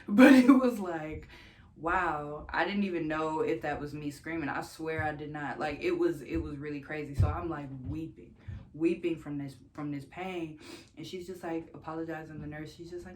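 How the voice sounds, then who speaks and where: A young woman vlogging, telling a personal story in a casual, candid way, swearing freely and laughing between sentences. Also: normal speed. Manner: jumps much higher when quoting herself.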